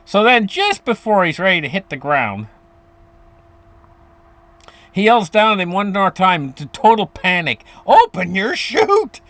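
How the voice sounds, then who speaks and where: Animated high-pitched man explaining finance. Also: measured pace, long pauses, no room sound. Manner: animated, rambling with restarts and chuckles. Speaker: finance commentator. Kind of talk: casual explainer to viewers.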